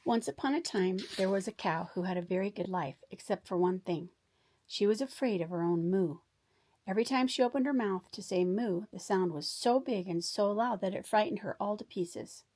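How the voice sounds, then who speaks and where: A woman reading a children's story aloud in a warm, expressive bedtime storytelling manner. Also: medium pitch, moderate pace.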